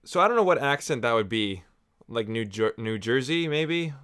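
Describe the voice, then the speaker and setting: A man's voice: mid-range voice, expressive, moderate pace, a bit bright, clean tone. A Canadian man giving a casual, jokey watch-along commentary on a movie, reacting aloud as he goes. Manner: chatty and jokey, reacting aloud with laughs and asides. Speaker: movie reviewer.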